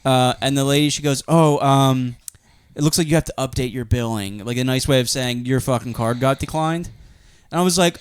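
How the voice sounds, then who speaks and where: A man's voice: mid-range voice, fairly even intonation, a little fast, clear, resonant tone, no echo, studio quality. A man co-hosting a comedy podcast, rambling through crude anecdotes and acting out the voices of people in them. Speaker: podcast co-host. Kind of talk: casual comedic storytelling.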